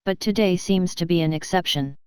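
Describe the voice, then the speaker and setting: A woman narrating a novel in the first person with a steady storytelling delivery. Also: fairly low pitch, fairly quick, clean tone, no echo. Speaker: audiobook narrator.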